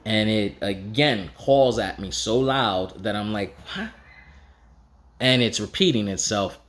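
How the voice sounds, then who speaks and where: In an unhurried, fairly low voice, a man tells a personal story in a casual, frank way, cursing now and then. Whenever he quotes someone, his pitch leaps up and he acts out their lines with animation.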